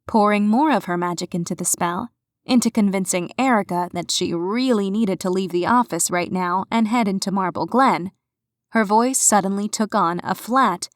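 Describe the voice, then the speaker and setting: A woman reading a novel aloud as an audiobook narrator, steady and expressive. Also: mid-range voice, dry recording, studio quality.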